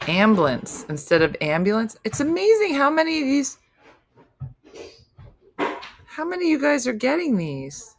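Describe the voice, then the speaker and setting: A woman's voice: high voice, huge pitch swings, normal speed, vocal fry, long pauses. A woman hosting a casual morning show, chatting loosely and switching between tasks and asides. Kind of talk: casual chat while working.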